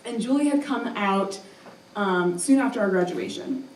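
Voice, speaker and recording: A woman's voice: medium pitch, moderate pace, darkish tone, far from the mic, slight background noise. A young woman telling a personal story live on stage, chatty and self-mocking, with lots of "um" and "like". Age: young adult. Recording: roomy live hall, voice from afar.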